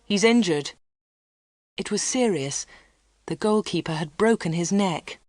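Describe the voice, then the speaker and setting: Female narrator for a learner's storybook, steady clear reading, dry. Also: fairly low pitch, moderate pace, no echo.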